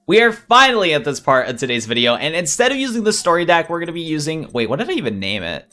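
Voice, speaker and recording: A young man giving excited, rambling let's play commentary while he plays. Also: on the high side, fast. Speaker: gaming YouTuber.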